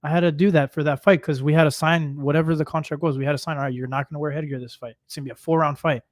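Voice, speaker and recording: A man's voice: a little high, steady tone, racing, no echo, studio quality. A young man being interviewed as a guest, speaking confidently and emphatically. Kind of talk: casual interview.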